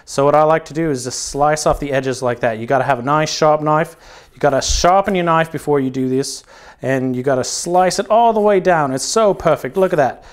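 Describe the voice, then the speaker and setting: A man's voice: fairly high pitch, brisk, clear, resonant tone. Joking young man hosting a mock cooking show. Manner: crude, joking, instructional patter with swearing. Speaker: comedic cooking show host.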